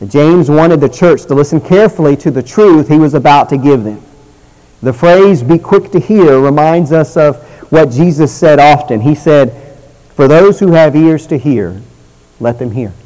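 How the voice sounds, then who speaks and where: A man preaching a sermon in an earnest teaching tone. He slows down for emphasis and lets his phrase ends fall soft. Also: a little high, low-quality recording.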